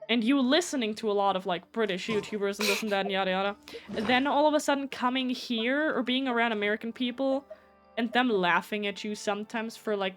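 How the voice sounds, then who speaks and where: A woman speaking with a German accent chats her way through a live game stream. Her voice sits slightly high, and she rambles off on tangents and swears freely. Faint game music plays in the background. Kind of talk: casual live gameplay chat.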